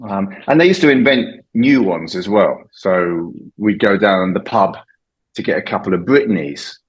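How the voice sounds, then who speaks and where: A man's voice: deep voice, animated, unhurried, low-quality recording. A middle-aged man from England, an English teacher, chatting casually and explaining slang, laughing often. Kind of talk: casual chat about slang.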